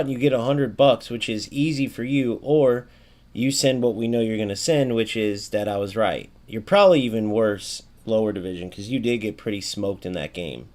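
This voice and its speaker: Talking at a moderate pace in a medium-pitched, slightly mellow voice, a man streams a football video game and chats casually with his viewers. Now and then he raises his voice to act out brief exchanges with opponents.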